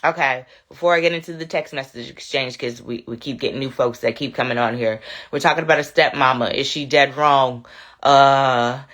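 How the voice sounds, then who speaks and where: Woman livestream host, low pitch, has a cold, chatty and direct with her audience. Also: moderate pace, fairly bright tone. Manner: chatty, talks straight to viewers with "y'all" and "you know what I'm saying". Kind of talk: casual livestream chat, reading a viewer's story.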